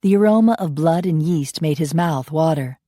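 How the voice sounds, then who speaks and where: A woman narrating a romance audiobook in a steady storytelling manner. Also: low-pitched, normal speed, no echo, clean studio sound. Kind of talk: scripted narration.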